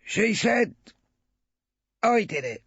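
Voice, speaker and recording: Voiced by a male reader, an elderly rustic witness answers in short, reluctant country speech, his voice lifted high and a touch husky. It sits close in a dry, slightly dull studio recording. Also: very animated, slow pace, fairly bright tone, no room sound, full character voice. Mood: grudging. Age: over 60.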